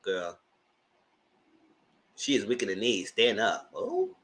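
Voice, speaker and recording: Animated sassy man chatting with viewers. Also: lowish voice, takes it slowly. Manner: animated, sassy, laughs often. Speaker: host. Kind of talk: casual commentary chat.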